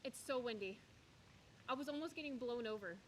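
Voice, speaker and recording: A young woman with a fairly high voice chats in a loose, rambling way. She is streaming from a windy park by a pond, talking into her phone camera and answering her chat between yoga poses. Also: fairly quick. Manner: chatty and rambling, reads out chat messages. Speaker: streamer doing yoga outdoors. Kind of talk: casual live-stream chat.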